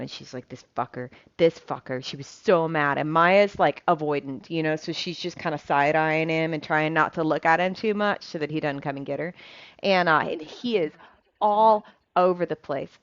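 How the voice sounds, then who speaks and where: This cooking vlogger's voice is low and her speed normal, with no echo over a dull, lo-fi recording. As she cooks she chats casually and rambles, dropping lots of ums and swearing casually.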